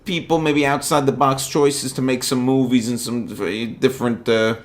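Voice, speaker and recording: A man's voice: medium pitch, fairly even intonation, normal speed. A man co-hosting a comedy podcast, rambling through loose banter, swearing freely and telling stories with a lot of energy. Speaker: podcast co-host.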